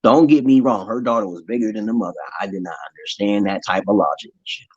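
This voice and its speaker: A man's voice: on the low side, fast, husky, no echo. A man telling a long personal story in a casual, profane monologue, acting out the voices he quotes. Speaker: vlogger. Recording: dry, dull lo-fi sound.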